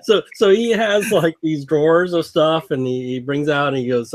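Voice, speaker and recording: A man's voice: fairly high pitch, normal speed, few pauses, dry recording. A man narrating as game master in a loose, casual way, often repeating his words.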